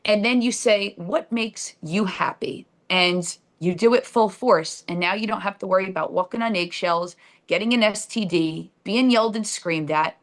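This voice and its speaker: Woman talking straight, blunt and sarcastic, cusses casually, mid pitch, just telling it like it is on a podcast. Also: normal speed. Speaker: podcast guest. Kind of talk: candid conversational storytelling.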